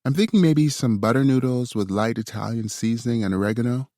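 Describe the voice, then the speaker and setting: A man voicing a playful, teasing young woman in an audiobook, in a high, shrill put-on voice. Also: fairly quick, dark tone, no echo, clean studio sound, natural voice. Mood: casual.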